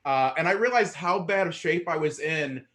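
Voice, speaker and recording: A man from Indiana doing a stand-up set on an online show, out of breath and self-deprecating, halting over fillers and laughing into his punchlines. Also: fairly high pitch, expressive, a bit bright. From Indiana, USA. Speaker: stand-up comedian.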